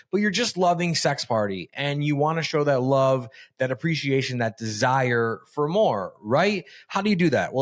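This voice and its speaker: A man hosting a podcast, firing off quick questions and hyping his guest with plenty of swearing. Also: mid-range voice. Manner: profane, hyped, rapid-fire questions. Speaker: podcast host. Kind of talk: casual podcast interview and outro.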